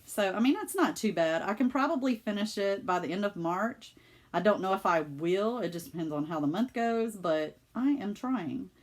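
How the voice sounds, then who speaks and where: A woman's voice: medium pitch, lively intonation, normal speed. A middle-aged woman with a Southern US accent, chatting casually and with feeling in her cross-stitch vlog at home. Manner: chatty and emotional, with many fillers. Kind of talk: casual chat.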